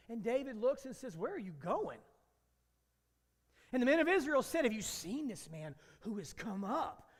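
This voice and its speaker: A man preaching a sermon as pastor, animated, acting out the voices of biblical characters. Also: sits high. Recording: long hall reverb.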